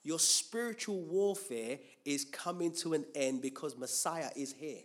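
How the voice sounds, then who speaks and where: A man's voice: on the high side, unhurried, fairly bright tone. A man preaching a Bible teaching sermon, asking rhetorical questions and answering them himself, with frequent restarts and repeated words.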